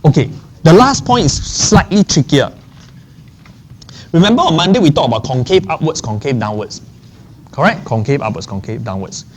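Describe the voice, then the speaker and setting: Lively maths teacher lecturing. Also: male voice, a little high, normal speed, long pauses. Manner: checks in often with the class; repeats key phrases. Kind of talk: classroom lecture.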